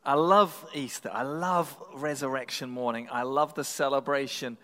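A pastor preaching a sermon in a church, telling stories in a relaxed, humorous, conversational way. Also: male voice, mid-range voice, normal speed. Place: church sanctuary. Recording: long reverb in a large hall.

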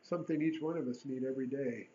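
A man preaching a sermon in an earnest way, rising to emphatic bursts and dropping to a hush. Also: mid-range voice, fast, lo-fi sound, a little hiss or hum.

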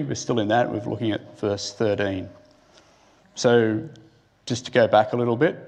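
Guy preaching a chatty sermon, lowish voice, keeps asking the congregation questions and restarting his sentences. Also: a little mellow. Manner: asks the listeners rhetorical questions; thinks aloud with restarts. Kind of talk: conversational sermon.

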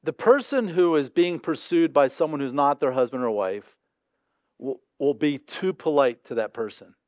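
A man's voice: on the high side, animated, normal speed, no room sound, lo-fi sound. A man preaching a sermon in a conversational, emphatic way, acting out quotes as he goes. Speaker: pastor.

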